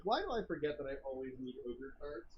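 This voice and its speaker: A man running a tabletop game as game master, playful and quick to laugh. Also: mid-range voice, big pitch swings, highs cut off, slight background noise.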